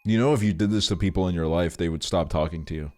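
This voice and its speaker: Young man, deep low voice, casual stream chat, profane and exasperated, faint background music. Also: quick pace, a little mellow.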